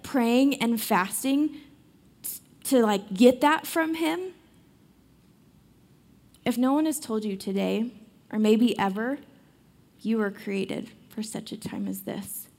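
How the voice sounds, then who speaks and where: A woman's voice: a little high, a little mellow. Chatty young woman giving a devotional. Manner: chatty, many "like" fillers and restarts. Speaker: Bible study speaker. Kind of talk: casual devotional talk.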